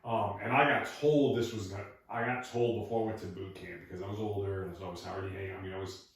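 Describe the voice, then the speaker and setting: A man's voice: on the low side, steady tone, quick pace, gravelly. Laid-back male podcast host, echoey. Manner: laid-back storyteller, laughs easily. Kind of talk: casual interview conversation. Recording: echoey room, far from the mic.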